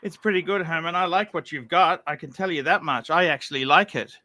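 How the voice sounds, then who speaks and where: Bright-voiced blunt livestream host, man. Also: a little high, brisk. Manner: blunt, provocative questions. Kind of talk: casual livestream chat.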